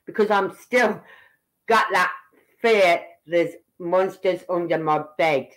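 A woman's voice: on the low side, takes it slowly, low-quality recording. A woman giving angry, blunt reaction commentary, heated and swearing as she talks to the people on screen. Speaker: online commentator.

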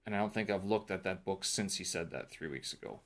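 A man with a fairly low voice talks through his study notes for a vlog. He rambles and thinks aloud, full of fillers and restarts, in a relaxed, unscripted way. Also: brisk. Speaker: vlogger reviewing a teacher training course. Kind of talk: casual talk-through vlog.

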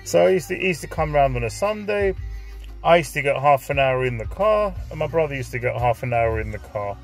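A man's voice: mid-range voice, lively intonation, brisk, creaky, faint music behind. A man, telling a rambling anecdote, swearing freely and dropping Greek phrases in. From north London. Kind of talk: anecdotal storytelling.

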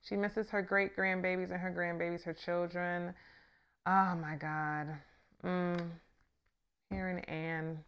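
A woman hosting her channel and doing a casual tarot reading to camera, talking in a chatty, sassy way that swings from quiet murmurs to loud, emphatic bursts. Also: on the low side, level tone, slow, clean tone, muffled recording. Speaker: tarot reader and channel host.

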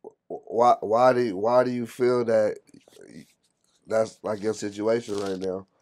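A man interviewing a guest, asking questions in a relaxed, halting way. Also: fairly low pitch, no echo, studio quality. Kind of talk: casual interview.

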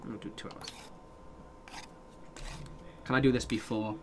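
A man's voice: mid-range voice, flat delivery, normal speed, long pauses, slight background noise. A young man casually commenting on a survival game as he plays, swearing and talking back to his chat. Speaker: streamer.

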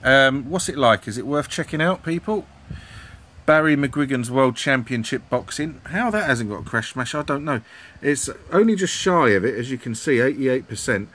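A man's voice: mid-range voice, lively intonation, moderate pace, a bit bright. A middle-aged man chatting casually about old computer magazines, full of ums and questions to viewers. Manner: rambling, hesitant, many ums, asks viewers questions. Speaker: retro gaming YouTuber. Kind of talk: casual commentary flipping through a magazine.

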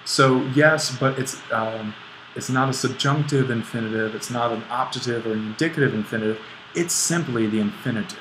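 A man's voice: medium pitch, a little fast, background noise. A man teaching a grammar lesson over an on-screen whiteboard, thinking aloud and correcting himself as he writes. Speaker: Greek instructor.

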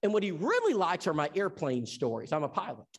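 A man's voice: high voice, huge pitch swings, brisk, husky. A man from Tennessee who teaches an evangelism seminar. He preaches in an emphatic storytelling style and acts out the dialogue. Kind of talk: sermon.

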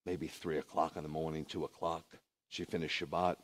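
A man, a rabbi, preaching a lively sermon full of rhetorical questions and conversational asides. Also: a bass voice, a little fast.

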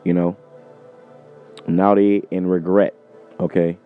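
A man delivers an informal, emphatic sermon, swearing freely and punctuating his points with "man". His voice sits fairly low. The sound is thin and phone-like, with faint music underneath. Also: little pitch movement, takes it slowly, clean tone. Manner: profane, emphatic, repeats "man". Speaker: preacher. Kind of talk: informal preaching with scripture reading.

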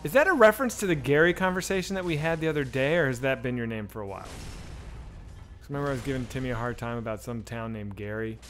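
Chatting casually with his stream audience while gaming, a man in his forties swears his way through play. He speaks fast in a mid-range, fairly bright voice over soft background music.

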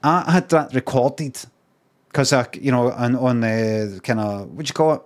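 A man's voice: medium pitch, moderate pace. Rambling, sweary Scottish man. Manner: rambling, sweary, laid-back anecdote. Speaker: streamer. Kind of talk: casual storytelling on a live stream.

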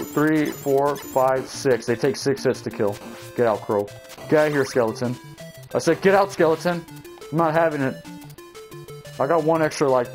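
A young man giving casual gameplay commentary, swearing, shouting at enemies and talking to his viewers as he plays. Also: mid-range voice. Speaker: let's play gamer.

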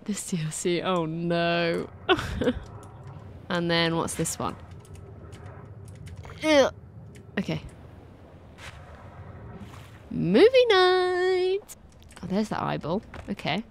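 Here the young woman's voice sits lowish and creaky, moving at normal speed with fairly even intonation and hardly a pause, under a little hiss or hum. It's let's play commentary on a game new to her, full of giggles and skittish outbursts.

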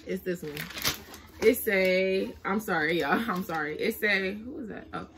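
A young woman talks casually to her viewers in a vlog, her voice sitting at an ordinary middle pitch. She rambles and apologizes as she sorts through letters, breaking off now and then to coo at her baby. A faint noise stays underneath the recording. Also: measured pace. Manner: chatty, apologetic, talking to the baby and the viewers while hunting for letters. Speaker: vlogger. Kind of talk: casual chat to camera.

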